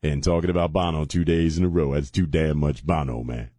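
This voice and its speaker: A man's voice: rumbling low, fairly even intonation, brisk, mellow, no room sound. A man hosting a talk radio show from a studio, joking and sarcastic in a rambling, casual way. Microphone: studio microphone.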